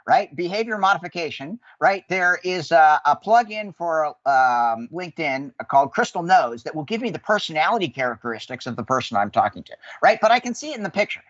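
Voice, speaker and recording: Loud animated guy giving sales tips, acts out calls, kinda dull lo-fi dry sound. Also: fairly high pitch, a little fast, few pauses, no room sound. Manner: animated, acts out phone calls in quoted voices. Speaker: sales guest. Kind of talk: energetic sales coaching.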